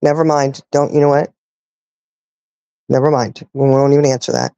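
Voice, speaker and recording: Woman host, low voice, dry sound, indignant ranting delivery. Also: level tone, normal speed, mellow, clear, resonant tone, no echo, lo-fi sound. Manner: indignant, ranting, rhetorical questions. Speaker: live stream host. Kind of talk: casual live-stream talk.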